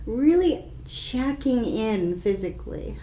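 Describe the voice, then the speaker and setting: Calm slow woman leading yoga, echoey room. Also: fairly high pitch, slight background noise. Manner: slow, calm, soothing guidance. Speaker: yoga instructor. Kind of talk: guided yoga class instruction.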